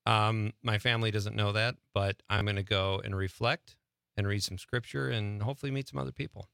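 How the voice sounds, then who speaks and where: A man hosting a radio show, chatting casually and joking deadpan with his guest. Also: fairly low pitch, fairly quick, vocal fry, clean tone, no room sound, studio quality. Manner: joking, deadpan put-ons.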